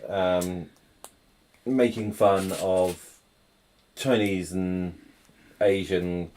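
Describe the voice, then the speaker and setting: A man chatting casually in a dry, hesitant, low-key way. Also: steady tone, drawn-out words, a little mellow. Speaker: co-host of a live building stream. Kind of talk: casual chat.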